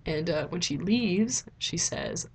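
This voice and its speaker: A young woman chatting casually in a rambling vlog review, filling her talk with "like" and jumping up in pitch when excited. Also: slow, vocal fry, slight background noise. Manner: chatty, rambling, heavy use of "like". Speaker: vlogger. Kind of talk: casual movie review chat.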